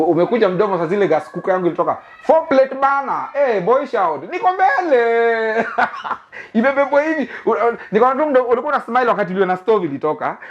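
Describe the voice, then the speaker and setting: Kenyan male host, young adult, comic storyteller, lively swooping pitch, laughs a lot. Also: dull audio. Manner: animated, laughing, mixes English and Swahili slang. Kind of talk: comic monologue. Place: living room of a new house.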